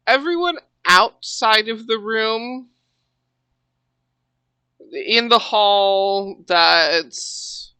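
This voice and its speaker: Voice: mid-range voice, drawn-out words, long pauses, pushed and bright, clear, resonant tone, no room sound. A game master narrating a tabletop horror game, rambling with lots of filler words and restarts.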